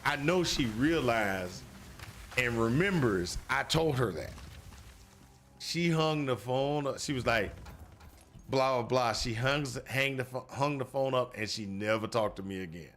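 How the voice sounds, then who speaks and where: A man's voice: medium pitch, lively intonation, measured pace, fairly bright tone, a little hiss or hum. A man casually telling a long personal story while playing a video game, rambling and repeating himself with lots of "you know". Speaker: gaming streamer.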